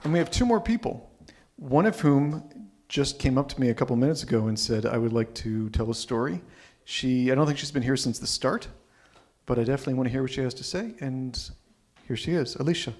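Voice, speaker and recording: A man hosting a live storytelling event, relaxed and conversational, with occasional stumbles. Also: medium pitch, brisk. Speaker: event host. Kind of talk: casual hosting chat.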